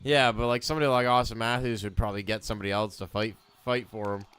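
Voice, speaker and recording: A man's voice: fairly low pitch, level tone, fast talker, fairly bright tone, clear, resonant tone. A man in casual chat during a hockey watch-along, laid-back, with wry comebacks.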